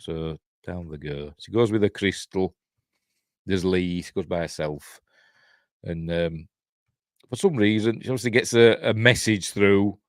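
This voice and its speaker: Low-voiced Yorkshire man rambling through a film recap. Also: a little slow, darkish tone, no room sound, studio quality. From Yorkshire, England. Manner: rambling, chuckling, acts out quoted lines. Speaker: film reviewer.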